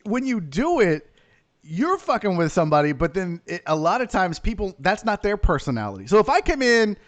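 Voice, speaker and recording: A man in his forties with a high, lively voice that leaps around as he trades crude jabs and laughs. He talks loudly and tells stories with a swagger. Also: brisk. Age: 40s. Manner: loud, laughing, profane, animated storytelling. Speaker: podcast host. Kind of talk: casual banter.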